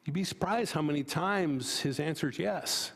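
A man's voice: on the high side, moderate pace, gravelly, a bit bright, in a large hall. A man preaching a sermon as pastor in a church, talking in a conversational way with fillers and restarts and telling a joke story. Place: church sanctuary.

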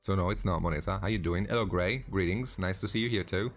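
While painting miniatures on a laid-back live stream, a man welcomes viewers by name, frequently starting over mid-thought. He speaks fast in a low-pitched voice, with faint music in the background.

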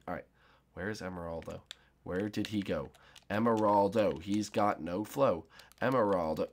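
A young man giving let's play commentary on a game, excitable and often shouting and squealing. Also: lowish voice, normal speed. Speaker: gaming YouTuber.

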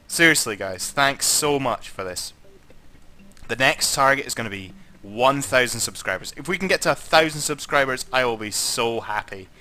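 A young Scottish gaming YouTuber with a mid-range voice commentates on his own gameplay. Tipsy, sweary, and jokey, he swings between muttering and excited shouting.

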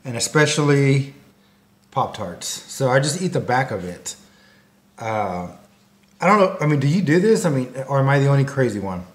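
Rambling, jokey man with a lively voice. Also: medium pitch, normal speed. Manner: rambling, jokey, goes off on tangents. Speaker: food business promoter. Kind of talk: comedic promo talk to camera.

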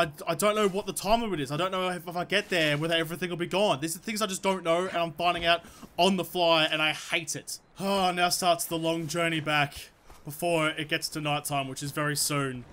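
A young man commenting on his own gameplay as a let's play host, excitable and swearing constantly while talking to the creatures in the game. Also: fairly high pitch, brisk.

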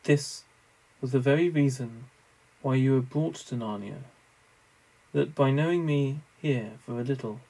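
A tender, wise lion speaks low and gently, his voice quiet and slightly raspy with a gravelly edge, as a man reads him aloud. Every word is unhurried and loving. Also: poor audio. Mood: gentle. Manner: slow, soft, gentle.

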